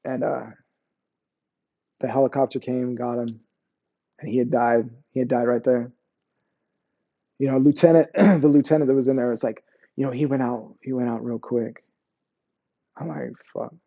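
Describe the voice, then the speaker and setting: A man, an army veteran, telling combat stories in a candid interview, profane and halting, often restarting and dropping his voice on painful memories. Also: medium pitch, fairly even intonation, creaky, dull audio.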